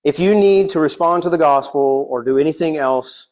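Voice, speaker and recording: A man's voice: on the high side, moderate pace, a little mellow. A man preaching a sermon in a church, earnest and reading scripture aloud. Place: church sanctuary.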